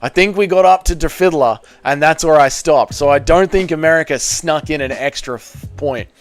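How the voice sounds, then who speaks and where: A man's voice: fairly high pitch, normal speed, soft background music. An Australian man hosting a casual live stream, rambling, joking and swearing freely while reading chat. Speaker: livestream host reading chat.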